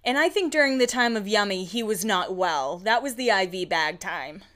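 A woman in relaxed podcast conversation, her pitch sitting in an ordinary middle range. She talks in a quick, chatty, gossipy way, rushing through her stories. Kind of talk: casual chat.

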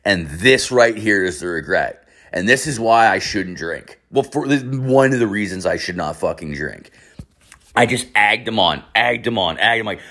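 A man's voice: lowish voice, fairly bright tone. A young man telling a long, rambling story in casual talk, full of swearing and fillers. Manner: rambling, profane, filler-heavy anecdote.

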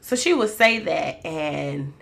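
Chatty woman with a gravelly voice. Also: low-pitched, expressive, slow pace, fairly bright tone. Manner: chatty and candid, addresses listeners as "y'all". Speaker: mother sharing reflections. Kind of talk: casual faith-based talk.

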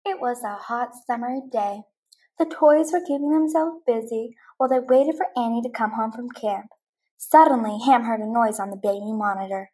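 Gentle woman reading a storybook. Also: a little high, moderate pace, breathy edge. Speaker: host. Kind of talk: storybook read-aloud.

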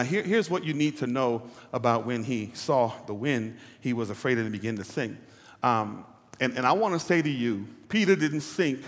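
A male pastor preaches with animated energy, going from loud calls to near-whispers. He keeps checking that his listeners are with him. A long reverb fills the large hall around him. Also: mid-range voice. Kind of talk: sermon.

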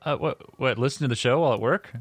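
A man's voice: medium pitch, quick pace, no echo. A man co-hosting a casual gaming podcast in a laid-back, easygoing way. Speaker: podcast co-host.

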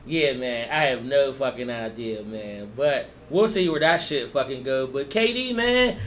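A young man co-hosting a podcast in profane, casual chat. He talks loudly in slang, swears a lot and laughs often. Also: medium pitch, animated, measured pace, a little hiss or hum. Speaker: podcast co-host.

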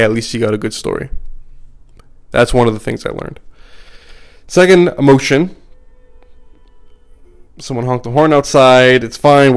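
Male podcast host, mid-pitched and smooth, profane, emphatic, repeats himself for effect. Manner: blunt, profane, emphatic with repetition. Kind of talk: solo podcast monologue. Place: at home.

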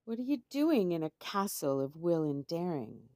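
A woman's voice: fairly low pitch, very animated, normal speed, warm tone, no echo, studio quality. Woman playing a jittery knight, blustering and panicky. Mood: stalling. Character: frightened boastful male knight.

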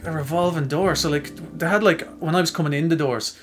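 With soft music in the background, this male podcast co-host talks fairly quickly in a fairly high voice. He's telling a story at his own expense in relaxed conversation, lively and performing each character's lines.

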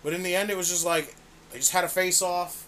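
This wrestling podcast co-host has a high, fairly bright voice with a steady tone and a brisk pace. He rants in exasperation, swearing throughout, over a slight hiss or hum.

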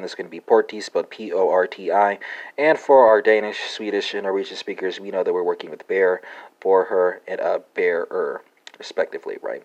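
A man's voice: low voice, darkish tone, rough recording. A man hosting a language lesson podcast, talking hesitantly with many fillers and spelling words out letter by letter.

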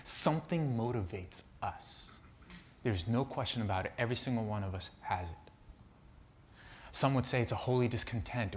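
A man's voice: medium pitch, very animated, measured pace, pauses often, fairly bright tone, slight background noise. A man preaching a sermon, telling a personal story and turning it into earnest reflection. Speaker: pastor.

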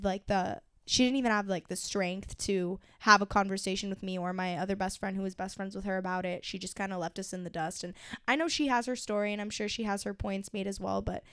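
On a casual podcast she co-hosts, a woman in her 20s opens up emotionally about her own life, peppering it with fillers and curses. Her voice is mid-range, captured at studio quality with no echo.

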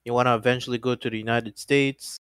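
A man's voice: mid-range voice, flat delivery, fast talker, fairly bright tone. A young man co-hosting a casual podcast, easygoing, asking questions and laughing along. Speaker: podcast co-host.

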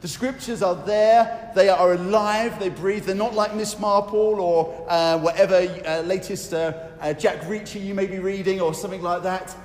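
Male preacher, sermon delivery, earnest and halting, church hall echo. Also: high-pitched, steady tone, a little mellow. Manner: earnest, with fillers and restarts, slowing on scripture lines. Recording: echoey hall with faint noise.

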